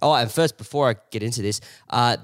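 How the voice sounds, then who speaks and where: A man's voice: medium pitch, fairly quick, no room sound, studio quality. A man, a comedian co-hosting a podcast, telling rambling anecdotes. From Australia. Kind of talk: casual comedic chat.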